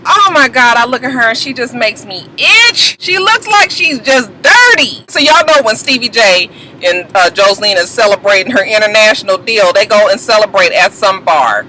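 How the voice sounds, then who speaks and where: A woman giving a profane, animated comic recap of a reality TV episode as a video reviewer. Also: fairly high pitch, normal speed, slight background noise, poor audio.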